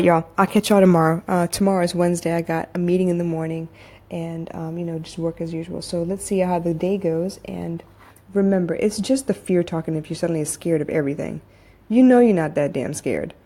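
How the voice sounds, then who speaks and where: Soothing low-voiced woman coaching. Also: warm tone. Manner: candid, repetitive, rising to emphatic urging. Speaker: podcast host and coach. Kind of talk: casual motivational monologue. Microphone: phone.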